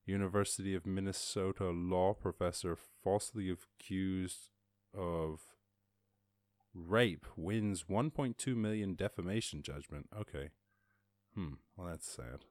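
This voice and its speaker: Deep, a little mellow and a little slow, this man's voice is recorded without echo. He hosts a podcast, offering casual news commentary by reading headlines and riffing on them with rambling jokes and the occasional swear word.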